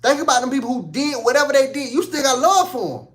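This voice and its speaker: Guy preaching a laid-back sermon, aave, kinda high voice, repeats himself a lot. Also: sing-song. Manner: conversational, repeats lines for emphasis, reads scripture slowly. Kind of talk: casual sermon.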